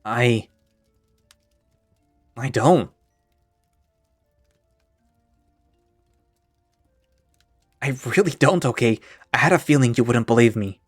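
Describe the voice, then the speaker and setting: A young man weighed down by shame, his thoughts halting and self-reproaching, as a male narrator plays him. The recording is dry, with faint music under it. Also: medium pitch, lively intonation, no echo. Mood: hesitant. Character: guilt-ridden young man, unsure and ashamed. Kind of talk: one-man audio drama.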